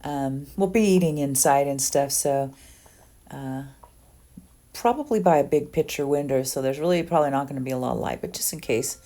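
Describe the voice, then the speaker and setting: Low, mellow-voiced woman in her sixties. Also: normal speed. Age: 60s. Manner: chatty and rambling, with frequent ums and asides. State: under the weather. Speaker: beauty vlogger. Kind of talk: casual get-ready-with-me makeup tutorial.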